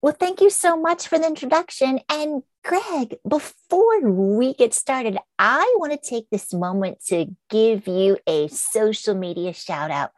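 A woman's voice: on the high side, lively intonation, measured pace, hardly any pauses, no echo. Woman hosting an interview, gushing thank-yous, dry close mic. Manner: warm, effusive, thanking often. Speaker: interview host. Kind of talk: interview conversation.

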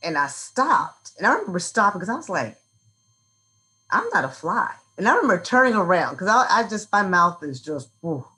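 Animated woman telling a story. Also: lowish voice, brisk, few pauses, rough recording. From Virginia. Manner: animated, acts out quotes from her childhood. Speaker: guest, nonprofit CEO. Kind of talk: storytelling in an interview.

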